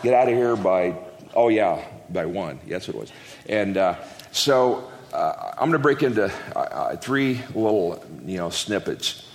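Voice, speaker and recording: A man's voice: fairly low pitch, lively intonation, unhurried, a little hiss or hum. A man preaching a casual, joking sermon to a congregation, rambling and interrupting himself with folksy asides. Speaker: guest preacher. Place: church hall. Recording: echoey hall, long reverb.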